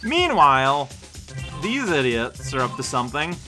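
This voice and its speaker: A man's voice: on the high side, sing-song, unhurried. A man casually commenting over a video game he is playing, joking and rambling. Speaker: let's play host. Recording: voice over game audio and music.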